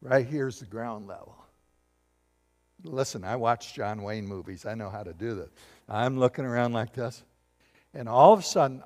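Animated preacher in an echoing hall. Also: male voice, medium pitch, measured pace. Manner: animated, shifts from loud bursts to hushed asides. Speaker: pastor. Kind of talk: sermon with storytelling. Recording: long hall reverb.

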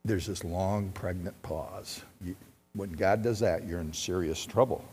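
A man preaching a sermon as pastor, swinging from loud exhortation to quiet personal storytelling. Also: deep voice, unhurried, breathy edge. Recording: long reverb with faint music.

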